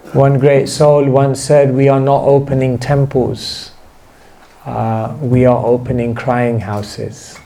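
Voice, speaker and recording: Slow, mellow-voiced male spiritual teacher. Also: mid-range voice, creaky, a little hiss or hum. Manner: soft, slow and reflective, reads a passage then comments. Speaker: monk giving a seminar talk. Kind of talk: devotional seminar talk. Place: indoor seminar hall.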